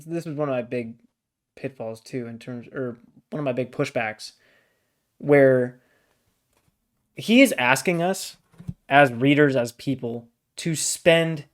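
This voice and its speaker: This medium-pitched man talks at a normal speed as co-host of a laid-back book podcast. Exasperated and blunt, he argues back with plenty of swearing.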